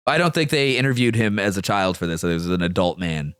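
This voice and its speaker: A man's voice: sits low, sing-song, quick pace, a bit bright, smooth, no echo, clean studio sound. A man co-hosting a podcast, telling a story in casual chat, crude and laughing often. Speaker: podcast co-host. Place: podcast studio.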